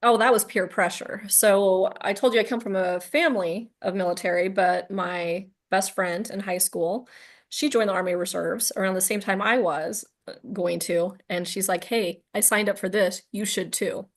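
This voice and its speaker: A woman's voice: mid-range voice, fairly even intonation, moderate pace. A woman guest, an Army veteran, giving plain, matter-of-fact answers in a casual radio interview.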